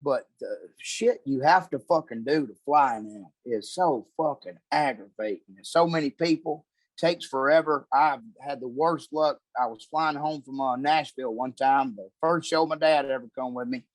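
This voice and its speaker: A man's voice: mid-range voice, normal speed, dry recording. A man, a comedian guest telling profane, rambling stories in casual chat.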